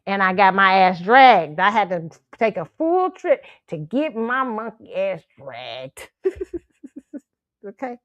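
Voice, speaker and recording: Animated, laughing woman host, dry sound. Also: mid-range voice, takes it slowly, no echo, lo-fi sound. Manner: animated, profane, laughs often. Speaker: show host. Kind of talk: casual storytelling monologue.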